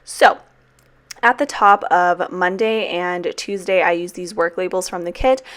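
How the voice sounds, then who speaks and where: A woman's voice: fairly low pitch, unhurried, a bit bright. A woman in her twenties chatting casually in a voiceover for her planner vlog. She is tired and drained, and she rambles and swears freely. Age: 20s. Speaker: planner vlogger and teacher.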